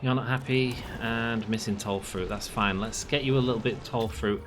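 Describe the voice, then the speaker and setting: A man's voice: medium pitch, steady tone, normal speed, background noise. A young man giving casual gameplay commentary, chatting to the animals on screen and to his viewers. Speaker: gaming channel host.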